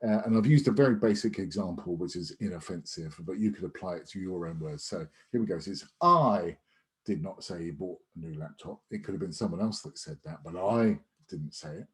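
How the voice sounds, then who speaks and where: A man's voice: low voice, quick pace, hardly any pauses, warm tone. A man teaching an online sales masterclass in a conversational, emphatic way, with frequent restarts and fillers. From United Kingdom. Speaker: sales trainer. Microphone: video call.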